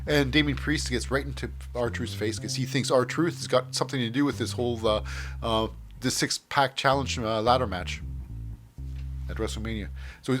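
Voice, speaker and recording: A man's voice: mid-range voice, moderate pace, a bit bright, faint music behind. A man hosting a show, casually recapping in a rambling way, often acting out scenes in voices. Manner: rambling, many fillers and restarts, acts out scenes. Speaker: podcast host.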